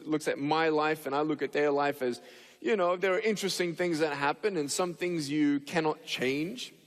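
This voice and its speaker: A public speaker with a fairly high voice gives a humorous speech to an audience, playfully telling stories and acting out scenes amid many fillers and restarts. A long reverb tail follows his words.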